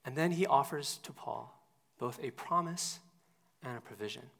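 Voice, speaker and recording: Delivering a sermon at a moderate pace, this pastor speaks in a gravelly, mid-pitched voice. His conversational style moves between quiet, hushed dips and emphatic highs.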